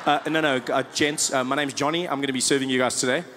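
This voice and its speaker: A comedian voicing a polite young white waiter who hesitates with many uhs. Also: male voice, medium pitch, steady tone, fast talker, noisy background, natural voice. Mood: courteous.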